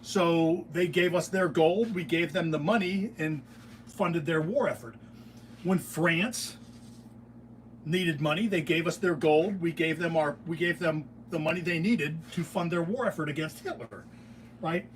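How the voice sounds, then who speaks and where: Unhurried and higher-voiced, a middle-aged man from the United States rambles through opinionated shop talk as a beekeeping channel host. His casual monologue wanders off on tangents and keeps restarting mid-thought, captured at a distance in a workshop with faint room noise.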